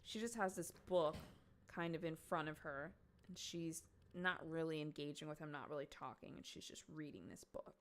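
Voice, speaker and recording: Woman, streamer host, casual true crime storytelling, animated and blunt with the odd curse. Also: low-pitched, moderate pace. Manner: chatty, animated, swears for emphasis.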